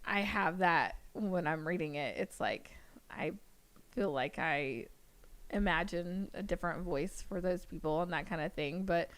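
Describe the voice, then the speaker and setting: Woman guest on a podcast, clear smooth voice, chatty and laughy. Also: on the low side, a little slow, a bit bright. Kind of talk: casual chat.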